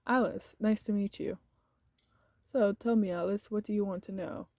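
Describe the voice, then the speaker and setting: A woman voicing a friendly middle-aged male Greek restaurant owner with a Greek accent, speaking softly and easily in a game. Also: mid-range voice, steady tone, moderate pace, dry recording, lightly acted.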